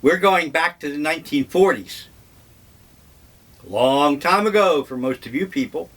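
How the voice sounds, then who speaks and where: An older man vlogging, telling memories in a slow, wry, meandering way. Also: a little high, expressive, fairly bright tone. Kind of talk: casual reminiscing monologue.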